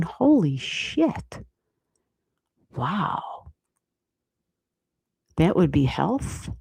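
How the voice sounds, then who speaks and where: An American woman giving astrology readings on a livestream, thinking aloud and chatting with viewers in a relaxed way, with the odd swear word. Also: on the low side, vocal fry, husky. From United States. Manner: thinks aloud, talks to chat, mild swearing. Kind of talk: casual livestream chat.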